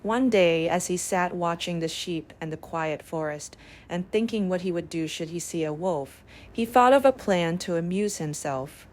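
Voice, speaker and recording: A woman narrating bedtime fables in a calm, measured way. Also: on the low side. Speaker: storyteller.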